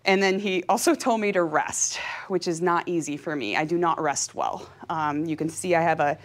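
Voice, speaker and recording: Chatty high-energy woman talking to a crowd, heartfelt, laughs a lot, voice sits a bit low. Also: moderate pace. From California. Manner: emotional and openly heartfelt. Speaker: professional cyclist giving a talk. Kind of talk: motivational talk to an audience.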